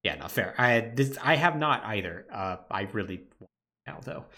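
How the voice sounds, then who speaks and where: A man co-hosting a casual podcast, retelling a game's plot in an animated way with lots of "like" fillers. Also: mid-range voice, normal speed, gravelly. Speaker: podcast co-host.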